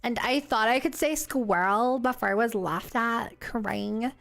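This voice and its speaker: A woman's voice: a little high, a little slow, vocal fry, fairly bright tone. A young woman streaming a game, chatting casually and rambling as she reacts to chat. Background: game music.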